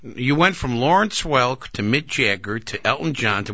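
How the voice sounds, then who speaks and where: A man co-hosting a podcast, teasing and sarcastic, who cuts in with quick jabs. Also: medium pitch, animated, bright, forceful tone, no echo, highs cut off. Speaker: podcast co-host. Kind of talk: casual banter.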